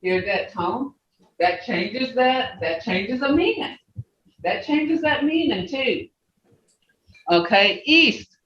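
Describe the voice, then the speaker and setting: Slow patient teacher on a zoom call, voice goes up and down a lot, echoey and muffled. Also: mid-range voice, lively intonation. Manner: patient, repeats words and checks understanding. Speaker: language teacher. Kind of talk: online language class. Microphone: video call.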